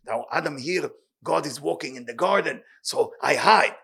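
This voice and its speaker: With a slightly high, husky voice and some vocal fry, this Torah teacher runs a weekly class. He reads the Hebrew fast, puts it into plain talk, and stays animated and excitable throughout.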